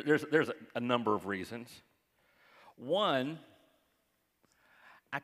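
A man preaching a conversational sermon as pastor, with folksy joking asides to the congregation and acted-out quoted voices. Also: medium pitch. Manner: acts out quoted voices, dropping to hushed tones. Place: church sanctuary. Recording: church hall reverb.

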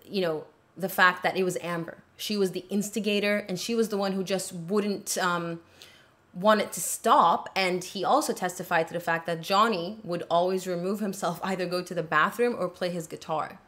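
A woman hosting a casual commentary recap of a court trial, talking in an animated way and acting out the quotes she retells. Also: fairly low pitch, normal speed. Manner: animated, acts out quoted lines.

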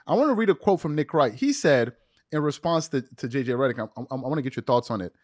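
A man's voice: mid-range voice, lively intonation, fast talker, darkish tone, no echo. Man hosting an interview in a dry sound. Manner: conversational, reads quotes aloud. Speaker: podcast host. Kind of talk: casual interview questions.

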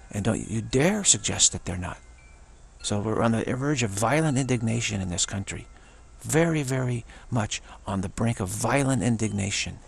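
A man's voice: medium pitch, gravelly, breathy edge. A man giving an unscripted spiritual monologue, earnest, repeating his phrases and slipping into imagined exchanges. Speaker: spiritual commentator.

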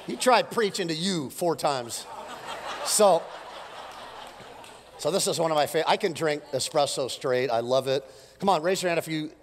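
Male pastor, animated and jokey, voice going hoarse, slightly high pitch, big reverberant church hall. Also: a little hiss or hum. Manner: joking, animated, swings from loud jabs to soft asides. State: losing his voice. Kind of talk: energetic sermon. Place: church auditorium with live congregation.

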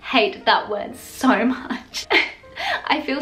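A woman's voice: fairly high pitch, extremely slow, fairly bright tone, soft background music. A young woman chatting casually in a home vlog, playful and sarcastic, laughing often as she reads comments aloud. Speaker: YouTuber.

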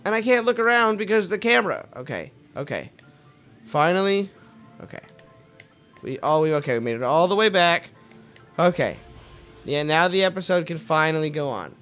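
Frustrated high-voiced gamer man. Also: sing-song, moderate pace, pauses often, soft background music. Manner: swings from mumbling to frustrated shouting, swears freely. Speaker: let's play host. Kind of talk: casual gameplay commentary.

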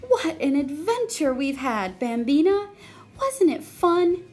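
A woman's voice: high-pitched, very animated, slow pace, a little mellow, pitched above the performer's own voice, exaggerated voice. A woman voicing an elegant, dramatic lady from a painting who sprinkles in Italian words. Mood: fond.

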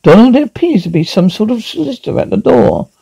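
A shrill, scolding housewife, played by a man in falsetto in a one-man radio horror play. The voice climbs high and swoops with indignation, while a gravelly rasp still shows through underneath. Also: expressive, fast talker, warm tone, dry recording, full character voice, poor audio. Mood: exasperated. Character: shrill, exasperated middle-aged housewife.

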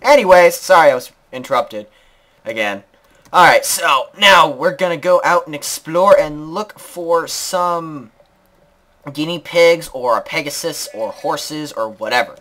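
A young man hosting a let's-play video, chatting casually about his build and sometimes breaking into squeaky shouts at the game. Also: a little slow. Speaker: gaming channel host.

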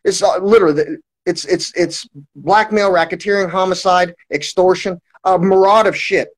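A man's voice: high-pitched, fairly even intonation, moderate pace, poor audio. A man talking to his livestream viewers in a long, rambling monologue, full of restarts and swearing. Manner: repetitive restarts, heavy swearing.

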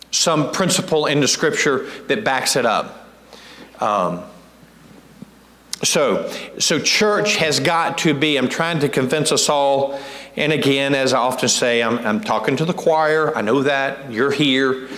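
Halting pastor man in an echoey church. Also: medium pitch, fairly bright tone. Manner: conversational, halting, with many restarts; asks the congregation questions. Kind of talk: teaching sermon. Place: church sanctuary.

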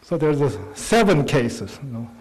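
A man's voice: a little high, animated, a little slow, a little mellow, poor audio. A male pastor preaching a sermon in earnest, conversational English.

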